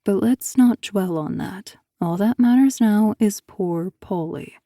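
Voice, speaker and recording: A woman voicing a calm, manipulative male school teacher who talks in a hushed, coaxing way. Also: medium pitch, slow pace, no echo, clean studio sound.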